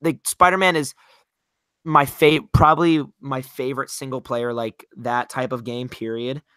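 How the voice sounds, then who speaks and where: A man's voice: mid-range voice, steady tone, moderate pace, pushed and bright, clean tone, no echo, clean studio sound. A man co-hosting a podcast, chatting casually about video games, hesitant and earnest with many restarts. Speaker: podcast co-host.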